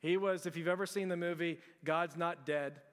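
A man's voice: a little high, steady tone, moderate pace, long reverb tail. A man in his forties from Texas, preaching a sermon as pastor in a conversational storytelling way, often restarting his sentences.

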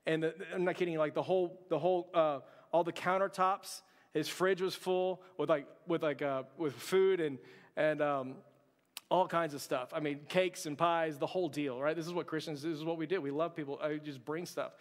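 A man's voice: fairly high pitch, fairly even intonation, moderate pace. A man preaching a sermon, telling a personal story in an earnest way, often restarting his sentences. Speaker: pastor. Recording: long hall reverb.

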